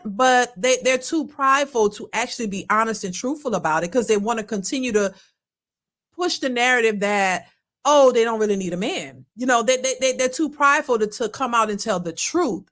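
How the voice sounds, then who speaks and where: Speaking a touch high, this reaction-video host keeps her remarks relaxed, colloquial and energetic. She has a habit of repeating herself.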